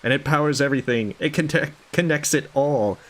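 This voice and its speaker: A man's voice: a little high, moderate pace, pitched above the performer's own voice, lightly acted. A man reading out the lines of an unhinged, sleepless male doctor in a game, rambling and swearing. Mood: ranting. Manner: rambling, swearing, paranoid muttering. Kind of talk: reading game dialogue aloud.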